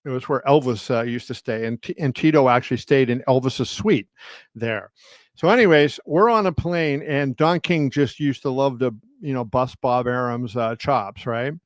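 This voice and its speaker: Animated storytelling man, dry sound. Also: mid-range voice, moderate pace, dry recording. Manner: animated storyteller, many fillers and restarts; acts out quotes with raised voice. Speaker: boxing journalist and stream host. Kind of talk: casual live-stream storytelling. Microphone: home setup on a live video stream.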